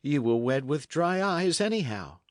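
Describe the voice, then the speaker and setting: Man voicing a gentle anxious young runaway, higher voice, imploring tone, dry close sound. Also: very animated, unhurried, dry recording. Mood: pleading. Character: timid young runaway lad, gentle and pleading.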